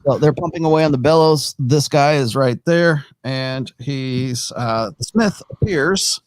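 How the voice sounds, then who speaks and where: A man's voice: mid-range voice, a little slow, no echo. A man narrating as game master of a tabletop game, rambling and thinking aloud as he sets up the map.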